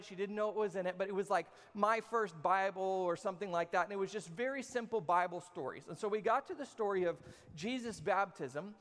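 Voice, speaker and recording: A man's voice: high-pitched, a bit bright. A man in his thirties preaching a sermon as a pastor, casual and joking, talking straight to his audience. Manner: conversational, jokey, talks to the audience. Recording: long hall reverb.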